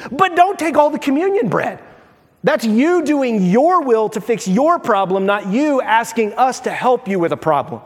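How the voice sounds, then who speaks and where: A man preaching with a high-pitched voice, his words hanging in the long reverb of a large hall. He is a pastor in full sermon mode, animated, slipping into the voices of the people he quotes. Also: normal speed.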